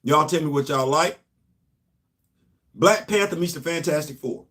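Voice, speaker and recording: A middle-aged man, hosting casual comics commentary, talking straight to viewers and often getting loud and excited. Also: fairly high pitch, a little slow. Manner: animated, talks straight to the audience, rising to loud exclamations. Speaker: host of a comics commentary channel.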